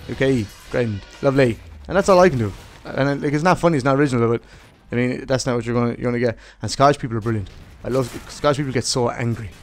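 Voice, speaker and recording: A man's voice: medium pitch, rapid-fire, few pauses, soft background music. Sweary Irish guy ranting casually. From Ireland. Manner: profane, rambling, jokey. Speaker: gaming vlogger. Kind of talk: casual rant to camera.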